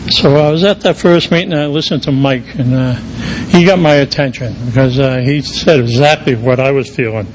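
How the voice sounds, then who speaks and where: A man's voice: mid-range voice, a little fast, noisy background. A middle-aged man, giving a personal recovery testimony in a rambling storytelling way full of "you know" fillers. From Quincy, Massachusetts area. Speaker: recovery meeting speaker.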